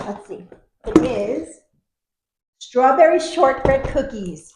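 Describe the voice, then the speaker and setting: A woman with a New York accent co-hosting a casual chat, playful and teasing and quick to laugh. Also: sits high, expressive, a little mellow, slight background noise. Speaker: co-host. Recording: echoey room.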